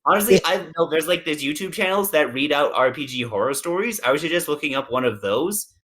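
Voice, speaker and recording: A man's voice: on the high side, expressive, fairly quick, a bit bright. A man in casual group chat, blunt and swearing, repeating points for emphasis. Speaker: player giving advice.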